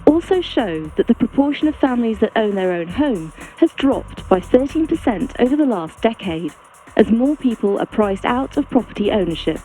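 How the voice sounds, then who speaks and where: A woman reads statistics in a steady, informative way, her voice on the higher side. Clear music runs beneath the narration. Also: moderate pace, rough recording. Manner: even, informative. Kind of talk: scripted factual narration. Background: background music.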